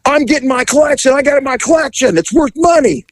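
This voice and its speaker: A man doing a whiny, shrill crude boyfriend. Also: expressive, moderate pace, no echo, clean studio sound. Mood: whiny defensive. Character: crude bickering boyfriend, defensive collector.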